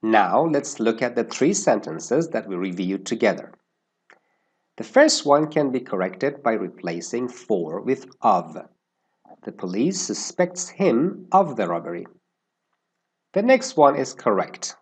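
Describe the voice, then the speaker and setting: A man teaching an English lesson, explaining word use slowly and carefully and stressing how words sound. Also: medium pitch, very animated, slightly rough.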